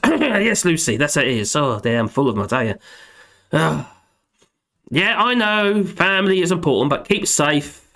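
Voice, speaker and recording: A man's voice: mid-range voice, gravelly, a bit bright. A middle-aged man hosting a live stream, chatting casually in a rambling, jokey, self-deprecating way and chuckling often. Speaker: live stream host reading chat.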